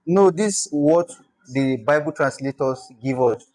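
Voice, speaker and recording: A man teaching a language class, explaining patiently and repeating words slowly. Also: fairly high pitch, a little mellow, no echo. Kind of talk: classroom lesson.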